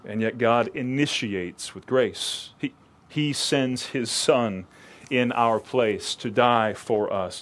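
A man preaching a sermon, reading scripture and explaining it, acting out the quoted lines and often repeating words as he restarts. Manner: expressive, acts out quoted lines with rising pitch.

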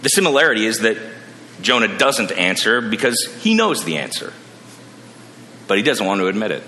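A man preaching a sermon, animated, acting out the characters he quotes. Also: mid-range voice, a little hiss or hum. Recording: long reverb of a large hall.

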